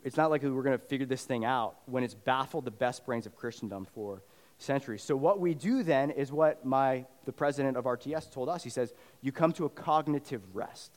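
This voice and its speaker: A pastor giving a sermon in a conversational style that swells into fervent emphasis. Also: male voice, mid-range voice, fairly quick. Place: church sanctuary. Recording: long reverb of a church hall.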